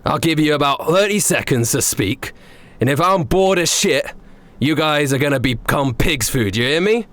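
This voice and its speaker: A man voicing a furious, wrinkled master chef with a put-on British accent, shouting and swearing at everyone. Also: fairly high pitch, animated, normal speed, voice pushed up. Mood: menacing.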